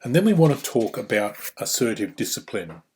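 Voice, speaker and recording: A man's voice: mid-range voice, big pitch swings, brisk, a little mellow, slight background noise. An Australian man who works as a trainer, walking through course material in an explanatory way with frequent "you know" and "um" fillers. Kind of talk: instructional course narration.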